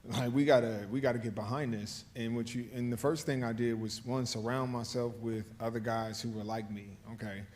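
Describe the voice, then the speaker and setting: A male guest author answering interview questions on stage. He speaks in a measured, reflective way and often checks in with the listener as he goes. His voice is a mid-pitched man's voice. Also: steady tone, darkish tone. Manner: measured, thoughtful, says "right?" and "you know" often. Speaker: guest author, former football player.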